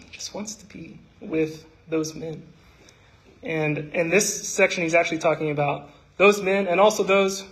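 Man, church speaker, slightly high voice; halting talk, fervent recitation. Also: a bit bright, low-quality recording. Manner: halting, with fillers and restarts, rising when reciting. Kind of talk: devotional talk reciting scripture.

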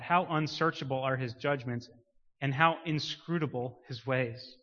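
A man preaching a sermon, swinging from quiet emphasis to loud, rising declarations. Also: mid-range voice, moderate pace. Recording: muffled sound with long hall reverb.

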